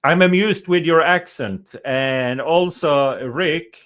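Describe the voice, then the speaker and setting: A man's voice: fairly high pitch, fairly bright tone. A man from Norway, a stand-up comedian guest chatting in a playful, joking way. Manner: playful, joking, loose and quick. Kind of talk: casual interview chat.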